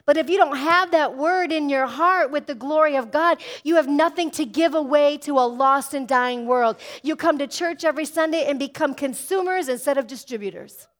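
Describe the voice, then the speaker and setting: A woman pastor preaching with a high, bright-toned voice. She exhorts her listeners, tossing in call-and-response asides and playfully voicing everyday people. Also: moderate pace, few pauses. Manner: acts out congregation voices in quoted asides. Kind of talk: sermon.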